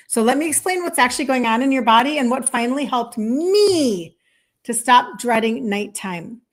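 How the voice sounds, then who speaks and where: Woman, 50s, health coach on a live stream; fairly high voice, chatty, emphatic, repeats herself. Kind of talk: casual live-stream talk to viewers.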